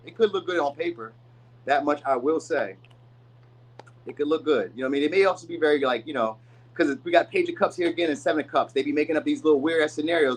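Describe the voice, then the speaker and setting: A man's voice: fairly high pitch, slightly rough, rough recording. Chatty, rambling man reading tarot. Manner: loose, rambling, chatty delivery with many asides; acts out quoted people in voices. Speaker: tarot reader. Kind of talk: casual tarot reading to camera.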